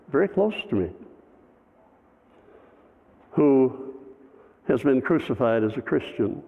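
A man, a pastor, telling a personal story in a sermon, conversational with wry humor. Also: medium pitch. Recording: phone-like, long hall reverb.

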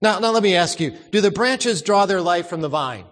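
A man's voice: high-pitched, expressive, a little fast, a bit bright, in a large hall. A man preaching a sermon, emphatic, repeating words and asking the congregation questions.

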